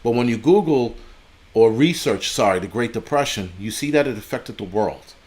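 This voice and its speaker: A man's voice: mid-range voice, animated, moderate pace, a little mellow. Profane, rambling man live-streaming. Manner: profane, rambling, sidetracks to read donations. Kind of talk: casual live-stream chat.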